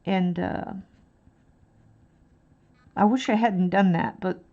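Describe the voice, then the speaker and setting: A woman's voice: fairly low pitch, slow pace, mellow, dull audio. A woman from Dallas with a mild Texan accent, chatting casually and hesitantly with many fillers while painting on a livestream. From Dallas, Texas. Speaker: livestreaming artist.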